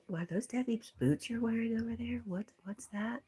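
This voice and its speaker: A woman hosting a casual livestream, reading viewer comments aloud in a soft, often whispered way and chatting back. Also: on the low side, expressive, normal speed, husky. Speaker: livestream host reading chat.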